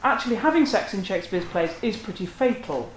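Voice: medium pitch, lively intonation, a little fast, a little hiss or hum. A lecturer giving an academic talk in a scholarly, analytical manner. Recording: roomy echo.

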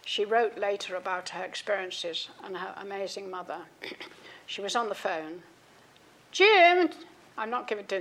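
Older woman with a gravelly voice. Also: mid-range voice. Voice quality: frequent ums and restarts between readings. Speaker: author giving a talk. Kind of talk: public talk reading from her own book.

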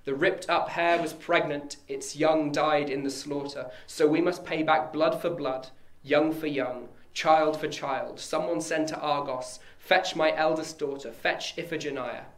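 A man giving a measured, solemn dramatic verse reading. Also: on the high side, fairly even intonation. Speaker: reader. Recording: echoey room.

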